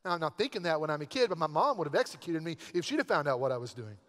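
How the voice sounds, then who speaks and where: High-voiced pastor preaching in a church. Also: male voice, big pitch swings, rapid-fire, a bit bright. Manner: conversational, storytelling with asides. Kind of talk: sermon. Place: church sanctuary. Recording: long church hall reverb.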